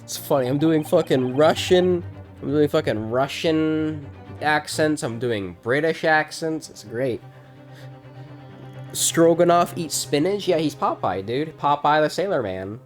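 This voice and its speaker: A man's voice: a little high, lively intonation, measured pace. A man streaming a game, chatting in a casual, joking way and swearing. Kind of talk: let's play commentary. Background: video game music.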